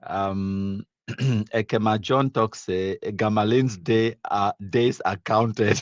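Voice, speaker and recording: A man's voice: lowish voice, fairly even intonation, takes it slowly, dry recording, dull audio. A man with a Cameroonian accent hosting a live stream, casually reading viewer comments aloud, mixing in Pidgin and laughing often.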